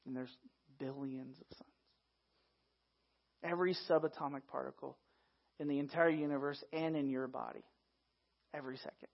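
A man preaching a sermon in a lively, conversational way, talking straight to his listeners as "guys". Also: medium pitch, moderate pace, gravelly, long pauses. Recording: dull lo-fi recording.

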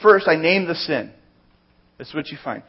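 A man with a husky, slightly high voice preaches in an easy, conversational way. He leans on everyday examples to make his points. The recording sounds dull and lo-fi. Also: expressive, moderate pace. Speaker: pastor. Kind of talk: sermon.

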